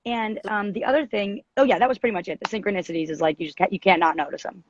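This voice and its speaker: A woman with a deep, raspy voice hosts a casual astrology chat. She rambles and restarts her sentences. Her husky voice comes through a dry, slightly dull video-call recording. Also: racing, no echo. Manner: rambling, animated, self-interrupting. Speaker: podcast co-host and astrologer.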